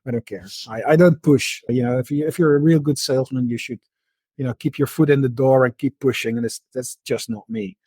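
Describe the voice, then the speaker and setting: A middle-aged man, a guest on a podcast, talking through his past work in a relaxed, conversational way, often repeating words and restarting his sentences. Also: mid-range voice, a little fast, breathy edge, no room sound. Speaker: podcast guest, market analyst. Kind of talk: conversational interview.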